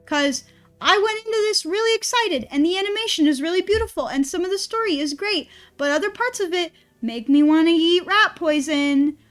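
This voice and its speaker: A woman's voice: extremely high pitch, a little fast, a bit bright, faint music behind. A woman streamer in casual stream chat, ranting and rambling with a lot of swearing.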